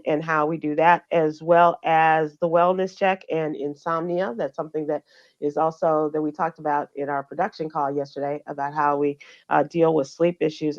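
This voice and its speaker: A woman with a low voice hosts a radio show and runs through the headlines in an easy, conversational way. She talks with plenty of fillers and restarts, and the audio sounds a little muffled. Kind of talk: casual news chat.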